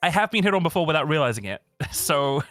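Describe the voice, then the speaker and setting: A man's voice: fairly high pitch, sing-song, fast, fairly bright tone, dry recording, faint music behind. A young man chatting casually and rambling, swearing and laughing often as he talks. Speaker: streamer. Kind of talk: casual chat.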